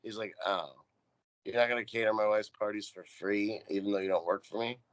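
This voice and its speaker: A man's voice: fairly low pitch, steady tone, a little fast, no room sound, dull audio. A man co-hosting a podcast, giving a wry, profane play-by-play recap of a TV episode. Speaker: podcast co-host. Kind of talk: casual recap chat.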